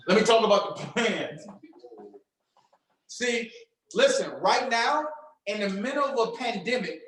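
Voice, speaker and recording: A man coaching an audience on social media and trading, energetic and preachy, with slang and call-and-response questions. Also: extremely high pitch, reverberant, low-quality recording. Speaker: trading mentor. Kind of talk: motivational coaching talk.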